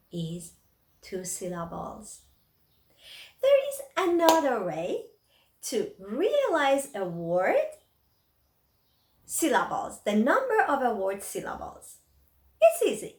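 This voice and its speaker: Woman teaching real slow, every word spelled out, voice going up and down a lot, echoey room. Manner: slow, careful word-by-word delivery with lively pitch. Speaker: English teacher. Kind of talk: slow, drawn-out English lesson.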